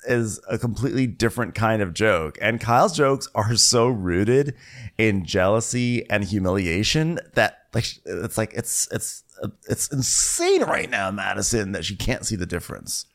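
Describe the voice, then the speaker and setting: A man co-hosting a casual recap chat with a wry, deadpan manner and drawn-out emphasis. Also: lowish voice. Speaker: podcast co-host.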